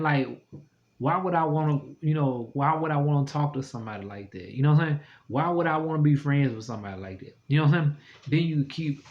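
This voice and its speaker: Chatty man, dull lo-fi sound. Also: mid-range voice. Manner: chatty, animated, rambling, laughs often. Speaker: vlogger. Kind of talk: casual storytelling to camera.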